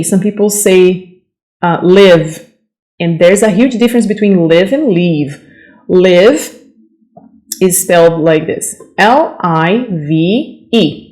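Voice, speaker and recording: A woman's voice: mid-range voice, a little mellow, rough recording. A woman teaching English vocabulary, saying each word twice with careful pronunciation and stopping to correct common mistakes. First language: Portuguese. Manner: corrective, checks in with "okay?".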